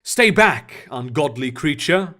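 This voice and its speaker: A cold young male spy with a high, clipped voice, contemptuous and threatening in every line, as a man puts him on for an audiobook. Bitter and curt, he talks with military authority. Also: animated, slow, bright, forceful tone, full character voice. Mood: scornful.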